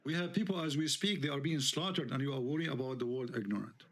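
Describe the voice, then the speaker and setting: Heated guy w/ tinged ranting on his online show, keeps firing questions, mid-pitch voice. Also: fast talker, fairly bright tone. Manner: heated, indignant, rhetorical questions. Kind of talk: live online debate talk.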